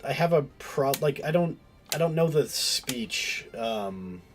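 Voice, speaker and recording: With faint music behind him, a male game streamer talks slowly at medium pitch, his intonation lively. His casual stream chat wanders, breaks off and starts again mid-sentence, and is packed with fillers.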